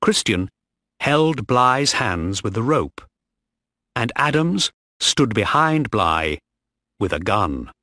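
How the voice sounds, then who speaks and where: A man narrating a story slowly and clearly for English learners. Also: lowish voice, very animated, bright, forceful tone, no room sound. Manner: slow, clear reading.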